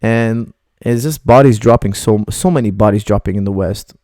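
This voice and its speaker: A man's voice: fairly low pitch, normal speed, mellow, no echo, clean studio sound. A middle-aged man, a martial arts coach, bluntly rambling through viewer questions on a live stream.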